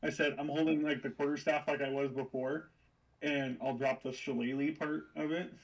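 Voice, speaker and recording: A man's voice: on the high side, little pitch movement, normal speed, distant mic. A man playing in a tabletop game, wry and self-mocking. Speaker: player. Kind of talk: casual tabletop play.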